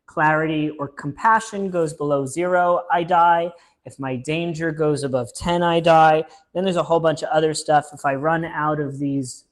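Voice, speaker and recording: A man hosting a casual solo board game playthrough, chatting upbeat as he thinks aloud and reads the story text. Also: on the high side. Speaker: board game channel host.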